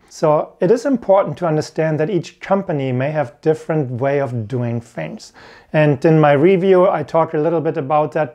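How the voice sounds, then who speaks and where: A man's voice: on the high side, mellow. A man giving an earnest talk to camera as an IT career coach, repeating his key points. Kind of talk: instructional video talk.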